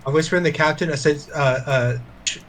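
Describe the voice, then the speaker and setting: A man's voice: on the high side, quick pace, fairly bright tone, a little hiss or hum, low-quality recording. A man playing a tabletop game, talking casually with hesitant restarts. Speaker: player.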